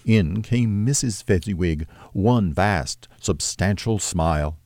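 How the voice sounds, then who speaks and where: A man narrates a classic novel in a deep, mellow voice. His reading is steady and measured. The recording is close and dry. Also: no room sound.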